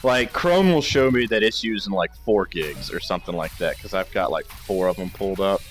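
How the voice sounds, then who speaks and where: A man's voice: low voice, expressive, moderate pace, faint music behind. A man chatting casually in voice chat, laughing easily and using plenty of 'like' fillers. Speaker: gamer in voice chat.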